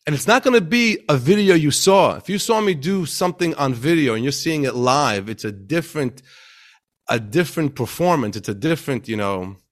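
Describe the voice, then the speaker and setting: A man's voice: a little high, animated, a little fast. A man who is a stand-up comedian, chatting casually as a podcast guest and often repeating words as he thinks. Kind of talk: casual interview conversation.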